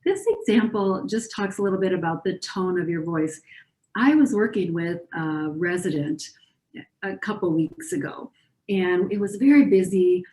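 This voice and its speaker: A woman clinician teaches in an even, reassuring way, acting out the gentle phrases she uses with young patients. Her voice is mellow and sits a little low. The room around her is echoey. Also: normal speed. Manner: calm, reassuring, models soothing phrases. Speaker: pediatric clinician presenter. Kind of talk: educational talk.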